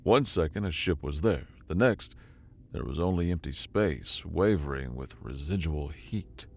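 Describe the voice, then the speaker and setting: A man narrates a science-fiction tale in a scripted, dramatic storyteller's delivery. His voice is low and deep. It rises and falls widely with the action. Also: expressive, unhurried, vocal fry.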